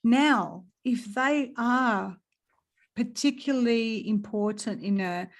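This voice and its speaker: A woman with an Australian accent, chatting casually as a guest and telling a story in an animated way, acting out what people said and swearing freely. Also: fairly high pitch, slow. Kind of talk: casual chat.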